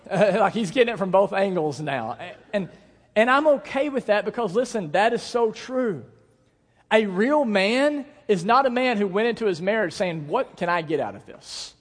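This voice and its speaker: A man's voice: high-pitched, slightly rough. A man in his thirties, a pastor, preaching a sermon with earnest emphasis and playful storytelling asides. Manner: earnest, emphatic preaching with slowed stress on key words. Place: church sanctuary. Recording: long church hall reverb.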